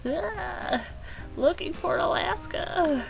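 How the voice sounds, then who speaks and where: A woman vlogger recaps a book casually with sarcastic, playful asides. She talks at an unhurried pace and slips into short character voices. Faint music plays behind her. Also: very high voice, animated, vocal fry, low-quality recording.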